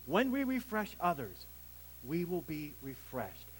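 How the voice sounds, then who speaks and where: A man delivers a sermon as pastor with a lively, somewhat high voice that swells and falls. His delivery has emphatic peaks, and it carries a long church-hall reverb over a faint hum. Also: a little slow, breathy edge. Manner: preaching with emphatic swells and drops, some restarts.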